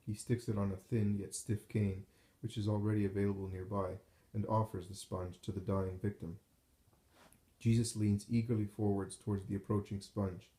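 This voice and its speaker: A man reading a devotional text aloud in a slow, solemn, measured way, recorded in a roomy space with echo. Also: lowish voice, dark tone. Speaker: narrator.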